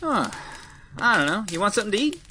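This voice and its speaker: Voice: mid-range voice, sing-song, fast, sharp tone, slight background noise. A laid-back speaker in comedic improv role-play, talking in a wry manner.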